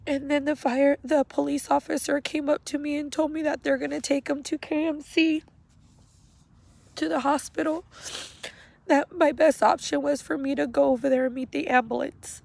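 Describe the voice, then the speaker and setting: A middle-aged woman slowly and haltingly retelling a painful memory, speaking outdoors. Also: high-pitched, level tone, vocal fry, a little mellow, no room sound. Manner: slow, halting, emotional retelling. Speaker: grieving mother. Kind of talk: personal storytelling vlog. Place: outdoors at a cemetery.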